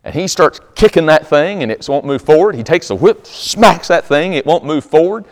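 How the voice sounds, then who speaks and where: A man preaching a storytelling sermon in a folksy, animated manner, with chuckles. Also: a little high, normal speed. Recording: long hall reverb.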